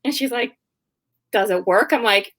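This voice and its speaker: A young woman tells stories in a relaxed interview, slightly high-pitched and lively. She plays out both sides of each conversation, and laughs often as she goes. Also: moderate pace. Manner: laughs often while talking. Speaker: guest, online business owner. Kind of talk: casual interview storytelling.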